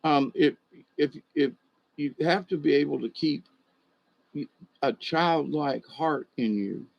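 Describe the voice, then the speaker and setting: An older man voicing a wise, gentle female porcupine in a told folk tale. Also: a little high, slow, vocal fry, no echo, highs cut off, full character voice. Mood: earnest.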